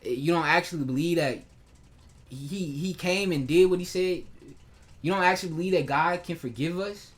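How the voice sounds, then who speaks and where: A man's voice: on the high side, normal speed. A man venting in a personal vlog, heated and hurt, swearing freely and restarting his sentences often. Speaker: vlogger. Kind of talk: emotional personal vlog rant.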